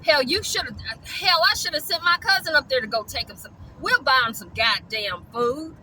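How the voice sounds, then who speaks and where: A woman's voice: high voice, animated, moderate pace, hardly any pauses, bright, forceful tone, a little hiss or hum, rough recording. A woman, ranting bluntly and profanely in a vlog about dog rescue.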